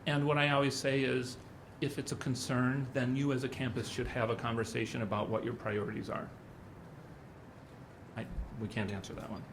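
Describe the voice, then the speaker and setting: A man's voice: mid-range voice, flat delivery, moderate pace, noisy background. A middle-aged man speaking at a symposium, telling anecdotes in a loose, conversational way. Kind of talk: conference talk.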